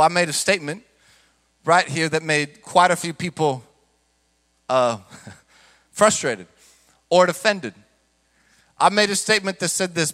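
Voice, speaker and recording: Male pastor, high bright voice, passionate sermon delivery, echo of a big hall. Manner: impassioned preaching, acts out quoted voices.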